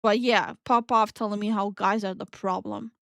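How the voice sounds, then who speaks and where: A woman co-hosting a casual reaction stream, ranting in an exasperated, animated way. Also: medium pitch, normal speed, creaky, dry recording, clean studio sound. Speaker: VTuber co-host.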